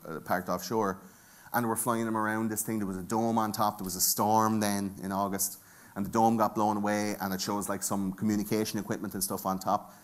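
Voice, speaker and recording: A man's voice: lowish voice, level tone, brisk. A man with an Irish accent giving a jokey, profane conference talk and bantering with the audience from the stage. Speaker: conference speaker. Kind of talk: comedic live talk.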